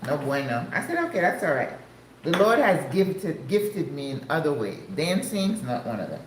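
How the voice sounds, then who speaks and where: An older woman from the United States chatting casually to her viewers, exclamatory and quick to laugh. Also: sits low, sing-song, background noise. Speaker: vlogger. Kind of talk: casual chat. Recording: echoey room.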